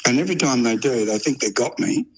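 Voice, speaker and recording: A man's voice: medium pitch, lively intonation, fast talker, husky. An Australian man chatting on a phone line, telling stories with laughter. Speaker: phone-in guest. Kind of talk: casual chat on the phone.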